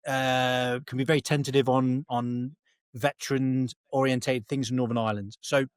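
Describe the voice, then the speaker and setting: A man's voice: mid-range voice, dry recording. An English man, a veteran guest, talking in a rambling, chatty way, often restarting his sentences. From England. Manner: rambling, self-correcting, chatty. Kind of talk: casual interview chat.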